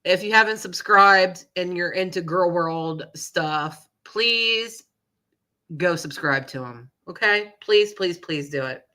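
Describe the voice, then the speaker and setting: Speaking slowly in a lowish, sharp-toned voice, a woman on a live stream gossips and wanders from topic to topic. She's sniffly from a cold that's clearing up, which leaves her nasal, and she keeps adding apologetic asides.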